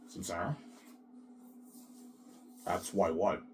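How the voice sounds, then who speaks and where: A man's voice: sits low, slow pace, noisy background. A man in a rambling, emotional monologue, agitated and repetitive, swearing often and tacking "man" onto his sentences.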